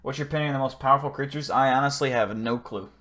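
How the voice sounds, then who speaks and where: A man's voice: medium pitch, rapid-fire, fairly bright tone. A man hosting a live stream, chatting casually with viewers in a rambling, profane, joking way. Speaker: livestream host.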